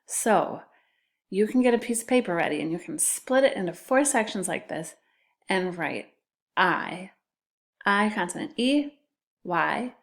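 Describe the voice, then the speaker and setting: A woman teacher giving a recorded spelling lesson to children, patiently sounding out letters and syllables. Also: mid-range voice.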